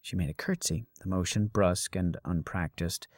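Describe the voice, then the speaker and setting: A man reading a story aloud as narrator in a measured storytelling manner. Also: low-pitched, no room sound, studio quality. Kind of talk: scripted narration.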